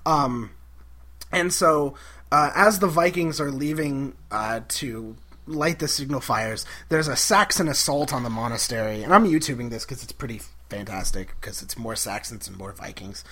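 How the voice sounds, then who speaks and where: A man's voice: mid-range voice, moderate pace, pushed and bright. A man co-hosting a podcast, recapping an episode in casual chat, enthusiastic and giggly with lots of fillers. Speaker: podcast co-host.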